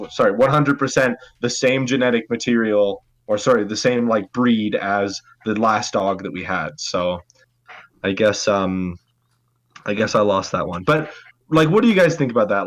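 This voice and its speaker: A young man co-hosting a casual podcast, rambling with lots of likes and restarts. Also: medium pitch. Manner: rambling, many fillers and restarts. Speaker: podcast co-host. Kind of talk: casual group chat.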